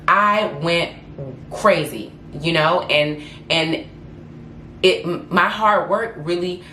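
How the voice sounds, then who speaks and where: A woman's voice: lowish voice, slow pace, bright, forceful tone, slight background noise. A woman, telling a candid and emotional personal story in a vlog and often restarting her sentences. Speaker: lifestyle blogger and influencer. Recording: echoey room with faint ambience.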